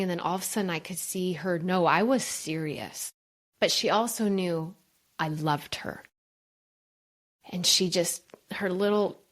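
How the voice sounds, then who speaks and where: A woman's voice: fairly low pitch, a bit bright. A woman guest on a podcast interview, telling a personal story in an earnest, emphatic way. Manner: earnest, emphatic, addresses listeners as "you guys". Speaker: guest, brain coach.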